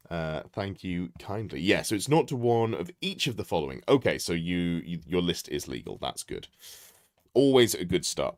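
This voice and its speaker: A low-voiced man talks through a tabletop army list live, his pitch jumping around as he thinks aloud. He corrects himself mid-sentence and greets viewers in passing. The sound is dry and close, with no room around it. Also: no room sound. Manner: thinking aloud, self-correcting, chatty asides to chat. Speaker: streamer reviewing army lists. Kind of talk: casual live-stream commentary.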